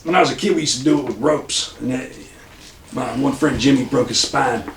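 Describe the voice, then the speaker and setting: A man co-hosting a casual unboxing chat, reacting with lots of excited exclamations. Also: mid-range voice, a little fast. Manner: excitable, lots of wows and oh-mans. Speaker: co-host unboxing products. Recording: echoey room, far from mic, background noise.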